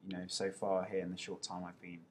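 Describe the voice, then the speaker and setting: A man's voice: sits low, completely flat delivery, fairly quick, a little mellow, slight background noise. A young man with an English accent, casually answering viewers' questions over a webcam, chatty and poking fun at himself. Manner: chatty, self-mocking, playful.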